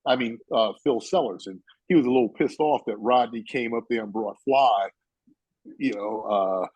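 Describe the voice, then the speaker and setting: Male guest, 60s, from New York; meandering storyteller, husky mid-pitched voice. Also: moderate pace, a little mellow, no echo, poor audio. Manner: rambling, full of "you know" and "uh". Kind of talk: casual storytelling chat.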